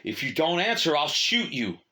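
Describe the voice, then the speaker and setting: A man voicing an angry male soldier with a rifle, yelling threats in a storybook reading. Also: fairly high pitch, sing-song, moderate pace, voice pushed up. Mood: threatening.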